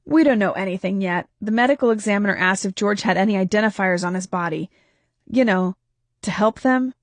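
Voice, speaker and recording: A woman voicing a tired, worried husband who talks quietly and soothingly. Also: mid-range voice, brisk, no room sound, close to an everyday voice. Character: weary worried husband, gentle and protective.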